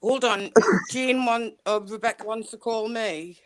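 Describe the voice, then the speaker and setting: A woman's voice: on the high side, measured pace, no room sound. A woman on a live video call, ranting furiously with constant swearing and threats. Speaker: guest on a live chat stream. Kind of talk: heated live chat.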